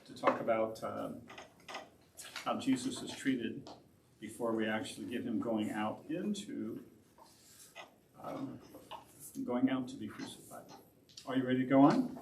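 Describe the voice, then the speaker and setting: A man's voice: medium pitch, vocal fry. A man from Oregon, a pastor leading an adult Bible class in a loose, conversational way full of side remarks. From Oregon, USA. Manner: rambling, conversational, with self-aware asides. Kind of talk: casual Bible study teaching. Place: church classroom. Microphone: distant room mic. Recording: roomy, distant, faint hiss.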